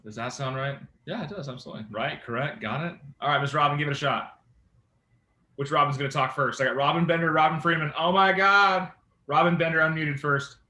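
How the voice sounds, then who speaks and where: A man leading a real estate sales training session, animated and engaging, often checking in with his team. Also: on the high side, a little fast, reverberant.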